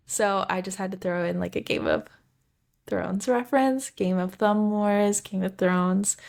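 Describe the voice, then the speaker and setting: A woman's voice: medium pitch, fairly bright tone. Brief: young woman, casual rambling book-chat co-host, sometimes trips over her words. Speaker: podcast co-host.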